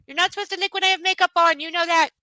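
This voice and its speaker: A woman's voice: very high voice, steady tone, rapid-fire, bright, forceful tone, no echo, low-quality recording. A woman hosting a book club livestream from home, chatting casually and gushing in baby talk to her dog.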